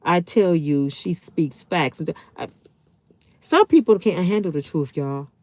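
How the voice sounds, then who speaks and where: A woman's voice: deep voice, expressive, a little slow, darkish tone, dry recording. A woman in her fifties hosting a live stream, answering her chat in a heated, blunt way and swearing freely. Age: 50s. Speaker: channel host.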